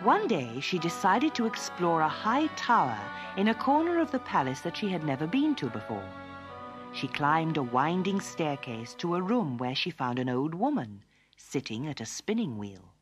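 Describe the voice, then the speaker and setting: A woman narrating a fairy tale for children in an expressive, lilting storytelling manner. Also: low-pitched, moderate pace, music in the background.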